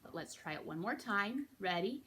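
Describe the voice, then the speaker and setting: Bright-voiced woman teaching recorder. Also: mid-range voice, expressive, moderate pace, a little hiss or hum. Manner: patient, encouraging, checks in with frequent okays. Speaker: music teacher. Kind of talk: beginner recorder lesson.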